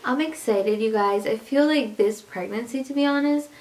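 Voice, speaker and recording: A woman's voice: a little high, moderate pace, darkish tone. A pregnant woman chatting to her viewers in a casual vlog, rambling and laughing often as she talks. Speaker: vlogger.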